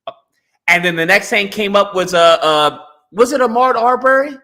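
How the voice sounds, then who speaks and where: A man's voice: high voice, brisk. A man in casual podcast chat, telling stories animatedly and acting out what others said. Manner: animated storytelling, acts out quoted voices. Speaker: guest.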